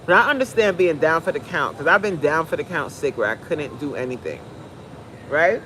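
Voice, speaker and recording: A woman's voice: low voice, animated, moderate pace, a bit bright, a little hiss or hum. A fitness coach, a woman, giving a blunt, preachy, joking pep talk on a live stream.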